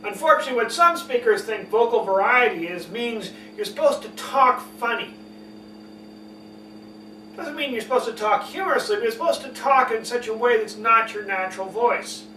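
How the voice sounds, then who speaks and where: A man teaching public speaking, talking emphatically and deliberately swinging between loud and soft, fast and slow. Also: very high voice. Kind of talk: spoken lesson on public speaking. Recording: echoey room, mic at a distance, faint hum.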